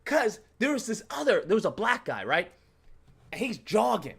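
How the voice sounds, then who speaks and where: A man rants casually on his own channel, swearing freely and laughing as he spins a story. His pitch leaps all over the place, and he keeps acting out his own reactions. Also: normal speed, gravelly, slightly rough. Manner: animated, profane, laughing, acts out his reactions. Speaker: channel host.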